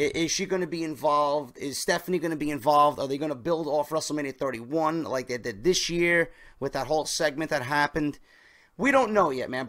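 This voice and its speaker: Higher-voiced male vlogger, casual wrestling news host who hammers key words. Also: fairly bright tone. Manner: emphatic, stresses key words, talks straight to viewers.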